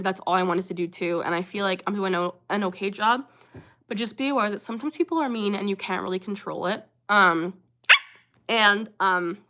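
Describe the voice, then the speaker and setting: Bright-voiced young woman chatting on a livestream. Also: medium pitch. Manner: chatty, earnest, interrupted by vocal tics. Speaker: livestream host answering chat. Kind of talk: casual livestream chat.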